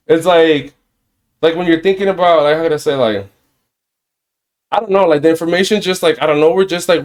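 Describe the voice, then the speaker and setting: Male podcast host, mid pitch, casual, rambling delivery. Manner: rambling, loose, often asks "you know what I mean".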